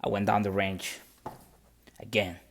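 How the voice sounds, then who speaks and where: A man's voice: on the low side, little pitch movement, unhurried, a little hiss or hum. A man telling a motivational story on a podcast in earnest, plain-spoken English with non-native grammar.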